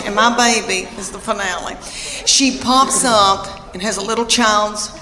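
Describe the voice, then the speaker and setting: A middle-aged woman with a Southern US accent telling stand-up stories in a chatty, folksy way. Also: on the high side. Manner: chatty, drawling, folksy asides. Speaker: stand-up comedian. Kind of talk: stand-up comedy storytelling. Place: theater stage before a laughing audience. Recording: live hall echo with crowd laughter.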